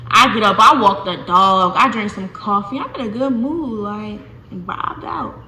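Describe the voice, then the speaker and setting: A young woman telling a casual storytime to her viewers, animated and chatty, often calling them y'all. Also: medium pitch, measured pace. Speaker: vlogger. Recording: echoey room with faint noise.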